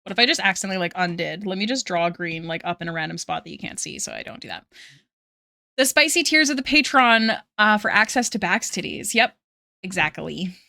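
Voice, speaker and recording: A woman's voice: mid-range voice, animated, fairly quick, vocal fry, sharp tone, no echo, studio quality. A woman in her thirties streaming while she draws, chatting casually and rambling, laughing often and quoting memes in put-on voices. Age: 30s. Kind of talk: casual livestream chat while drawing.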